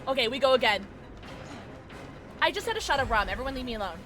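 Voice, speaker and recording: Young woman, gaming streamer, lively up-and-down pitch, excitable, swears when startled. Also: fast talker, music in the background. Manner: excitable, jumpy, swears and shrieks when scared. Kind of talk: casual gaming livestream chat.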